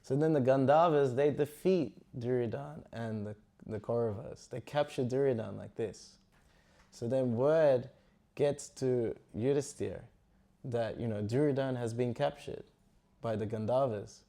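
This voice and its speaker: A man's voice: mid-range voice, moderate pace, gravelly, dark tone. A man teaching a scripture class, retelling an epic story in a casual, rambling way full of fillers. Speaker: spiritual teacher.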